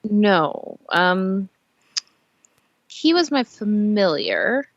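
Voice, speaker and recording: A woman's voice: medium pitch, sing-song, drawn-out words, no echo, dull audio. A woman playing a tabletop role-playing game, speaking hesitantly with many fillers and restarts. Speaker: player. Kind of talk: tabletop role-play over voice chat.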